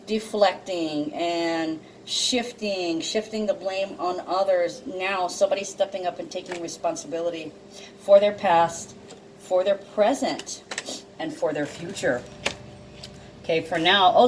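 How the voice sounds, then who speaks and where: This intuitive card reader, a woman with a lowish, darkish voice, reads oracle cards for her viewers in a relaxed tarot session. Sniffling and teary, she still laughs readily and curses freely, and the low-quality recording carries a faint hum of room noise.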